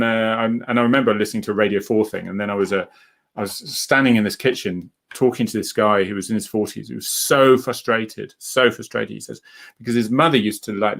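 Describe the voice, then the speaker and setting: Middle-aged male host, gravelly and low-pitched, chatty and rambling, acts out quotes. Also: a bit bright. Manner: rambling and chatty, reading out viewer comments. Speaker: live chat host. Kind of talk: casual live-stream chat.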